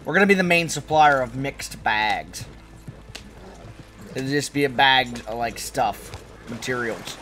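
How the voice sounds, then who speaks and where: A man's voice: mid-range voice, unhurried, pauses often, soft background music. A man rambling and joking in casual commentary while playing a video game. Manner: rambling, joking, deadpan riffs. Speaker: gaming streamer.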